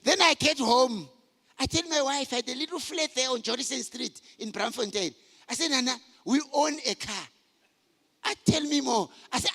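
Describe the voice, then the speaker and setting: A middle-aged man telling personal stories to a conference, animated and shouting for emphasis. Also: very high voice, moderate pace, vocal fry. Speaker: conference speaker. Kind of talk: motivational talk to men. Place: large conference hall. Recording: hall reverb.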